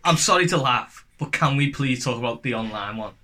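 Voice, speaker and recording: A man co-hosting a casual podcast, his voice bright and forward. He talks freely, swears without thinking and cuts in with quick comments. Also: mid-range voice, animated. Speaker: podcast co-host. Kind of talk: casual chat.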